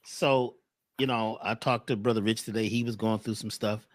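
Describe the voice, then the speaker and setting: A man talking in a casual online show, animated and preaching-like, with dramatic rises and drops in his voice. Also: lowish voice, moderate pace, no echo, studio quality. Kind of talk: casual podcast chat.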